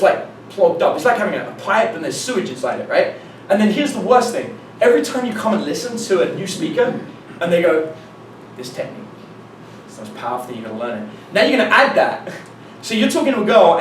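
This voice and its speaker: A man giving a live seminar talk as a dating coach, telling anecdotes in an animated way, acting out dialogue and swearing casually. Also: high-pitched, a little hiss or hum. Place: meeting room with an audience. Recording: echoey room from a distance, faint ambience.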